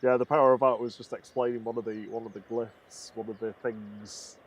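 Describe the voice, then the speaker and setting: A man's voice: mid-range voice, flat delivery, fairly quick, a little hiss or hum. A man co-hosting a live stream in casual commentary, chatty and laughing often as he greets viewers.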